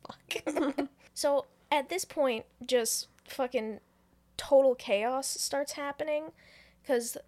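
A woman podcast co-host telling a film's plot in casual, animated chat. Her voice sits fairly high, and she swears freely as she narrates. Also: takes it slowly. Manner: animated, profane, laughing storyteller. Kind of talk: casual movie recap chat.

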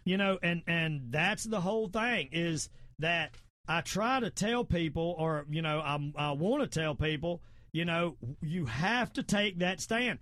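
A man's voice: on the high side, expressive, a little slow, fairly bright tone, no echo. A middle-aged man with a Southern accent, hosting a talk show in a fervent, preachy way, repeating his points and quoting scripture. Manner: repetitive, emphatic, quotes scripture. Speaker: podcast host.

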